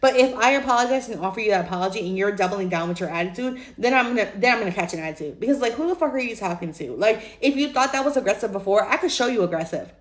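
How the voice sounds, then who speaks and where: Speaking very fast with hardly any pauses, a young woman delivers a casual on-camera rant about a reality show. She's animated, blunt and profane, acting out quotes in a mid-range voice, and the recording is reverberant.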